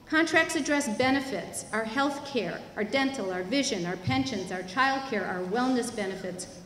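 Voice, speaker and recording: A university labor educator lectures at a teach-in in a large student union hall, explaining clearly and with emphasis while posing questions and answering them herself. Her voice is a bit high for a woman, animated, fairly bright, at normal speed. The echoey hall gives long reverb over faint room noise.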